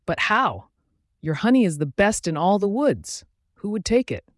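An earnest, polite little boy bear cub from a bedtime storybook, pitched up a touch and eager to help, as a man reads him out. The sound is close and dry, with no room around it. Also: sing-song, normal speed, no room sound. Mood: worried.

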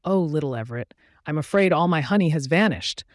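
Man doing a gruff old wise bear, gentle, bit worried, dry close sound. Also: a little high, lively intonation, fairly quick, no echo, natural voice.

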